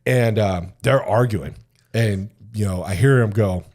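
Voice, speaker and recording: Brief: middle-aged American ex-soldier, podcast guest, low voice, loose profane storytelling with acted-out quotes. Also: male voice, a little slow, darkish tone. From United States. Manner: profane, rambling, fills speech with "like", acts out quoted lines. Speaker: podcast guest, retired Army sergeant major. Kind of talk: casual storytelling.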